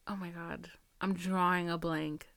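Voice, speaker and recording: A woman's voice: on the low side, flat delivery, unhurried, gravelly, a bit bright, dry recording. Chatty, profane young woman podcaster. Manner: chatty, profane, reenacts dialogue with quoted voices. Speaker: podcast host. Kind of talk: casual storytelling monologue.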